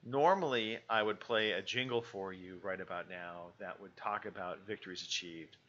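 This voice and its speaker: A man's voice: sits low, normal speed, a bit bright, lo-fi sound. A man co-hosting a podcast in a loose, joking chat full of fillers. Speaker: podcast co-host.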